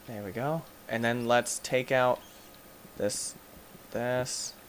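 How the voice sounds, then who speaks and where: A man hosting a gaming channel, giving let's play commentary as he plays, excitable and yelping and shouting in panic at the game's monsters. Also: medium pitch, slow pace, slight background noise.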